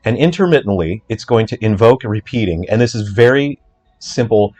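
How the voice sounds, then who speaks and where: A man, an indie game developer, talking through his code in a casual walkthrough, chatty and joking with quick asides. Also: on the low side, expressive, a little mellow. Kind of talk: casual livestream coding walkthrough.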